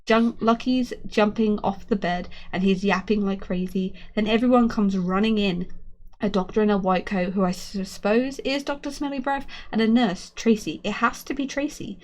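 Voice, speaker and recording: A woman's voice: mid-range voice, normal speed, darkish tone. A woman reading a children's book aloud, narrating expressively in first person. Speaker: storyteller.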